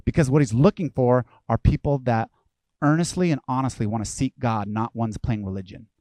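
A male pastor delivering a lively, conversational sermon, acting out the voices of people he quotes. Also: mid-range voice, fairly quick, dry recording.

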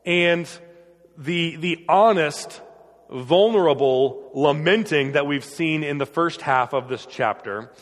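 A man's voice: a little high, fairly bright tone, in a large hall. A man preaching a sermon in an earnest, emphatic way, often repeating his phrases. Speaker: pastor.

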